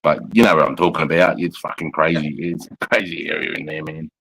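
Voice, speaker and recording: A man's voice: a bass voice, little pitch movement, a little fast, creaky, a bit bright, slight background noise, poor audio. An Australian man and army veteran in casual chat from his lounge room, blunt and heavily profane, calling everyone mate.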